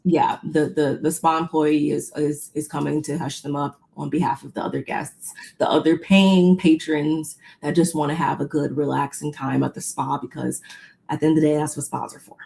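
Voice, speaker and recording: Chatty woman, mellow low voice. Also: normal speed, creaky. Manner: chatty, animated retelling with quoted voices and "y'all". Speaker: podcast co-host recapping a reality show. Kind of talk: casual chat.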